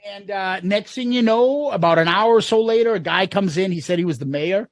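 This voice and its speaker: A man's voice: high voice, fairly quick, no room sound. A man in his fifties co-hosting a casual podcast, telling a rowdy story full of swearing and laughter and acting out the voices in it. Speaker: podcast co-host.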